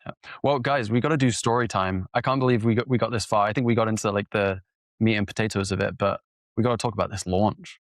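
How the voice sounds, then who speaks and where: A man's voice: lowish voice, fairly even intonation, fast talker, no echo, clean studio sound. A man with a West London English accent, co-hosting a podcast in an easygoing way. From England. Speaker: podcast co-host. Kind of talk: casual podcast conversation.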